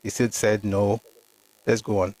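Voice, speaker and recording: A man's voice: lowish voice, flat delivery, measured pace, a little mellow. A man hosting a history livestream, reading documents aloud and commenting emphatically, talking to viewers by name. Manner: addresses viewers by name, mixes Yoruba phrases. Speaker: host.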